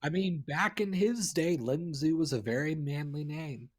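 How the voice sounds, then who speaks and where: American guy, kinda high voice, stammers into his sentences, wry little jokes. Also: measured pace. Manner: stammering restarts, wry asides. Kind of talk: casual chat.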